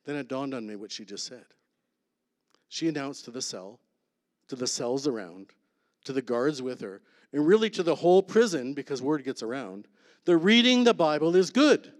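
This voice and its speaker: A man tells his story in earnest, measured phrases, pausing for effect. He often drops to a soft, intense hush to land a point, in the manner of a church testimony. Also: mid-range voice, sing-song, long reverb tail. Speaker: guest speaker.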